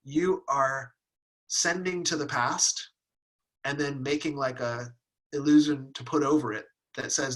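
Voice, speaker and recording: Animated husky man teaching Taoist ideas. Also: medium pitch, unhurried, low-quality recording. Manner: animated, acts out inner voices with playful laughs. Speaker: Taoist teacher leading a workshop. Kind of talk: teaching a live online class.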